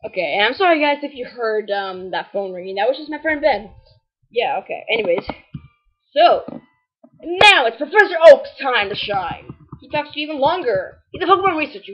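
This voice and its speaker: High, lively woman narrating gameplay. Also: fairly quick. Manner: chatty, rambling, playfully snarky. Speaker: gamer recording a walkthrough. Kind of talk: casual game commentary. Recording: dull lo-fi recording.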